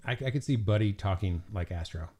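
A man co-hosts a local radio show, full of dry, quick jokes. His pitch rises and falls in a lively way. He sounds like he is talking into a studio microphone. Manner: dry, quick-witted banter. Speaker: radio co-host. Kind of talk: casual radio chat.

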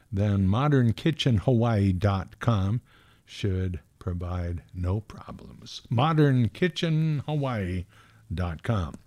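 A male radio host reading sponsor messages in an unhurried, rambling way with many fillers. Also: medium pitch, a little mellow. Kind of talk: casual radio presenting with sponsor reads. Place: radio studio.

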